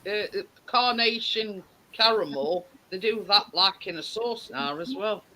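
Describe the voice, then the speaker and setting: A man's voice: high voice, animated, measured pace, sharp tone, poor audio. A man chatting casually and laughing often on a live stream. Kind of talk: casual chat.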